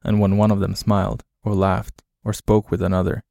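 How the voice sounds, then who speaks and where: A man narrating a horror story in a flat, grim, low-key way. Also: normal speed, creaky, no room sound, studio quality.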